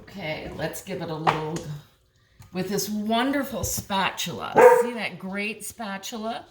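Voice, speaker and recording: A woman's voice: medium pitch, expressive, a little slow, very noisy. An older woman giving a chatty, encouraging cooking demonstration at home, talking to viewers and her dog. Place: home kitchen. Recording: echoey kitchen, mic far off, clattering pots. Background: dishes and pans clattering.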